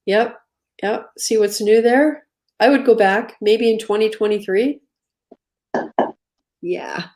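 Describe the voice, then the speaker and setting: A woman's voice: on the high side, takes it slowly, darkish tone. A woman hosting a live stream, talking in an easygoing, chatty way and thanking her guests. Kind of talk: casual live-stream chat.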